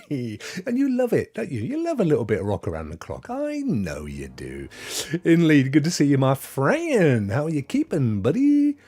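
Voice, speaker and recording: Man, British accent, fifties, live-stream host, casual chat, lively up-and-down pitch. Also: normal speed, breathy edge. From United Kingdom. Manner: chatty, greets viewers warmly by name, chuckles often.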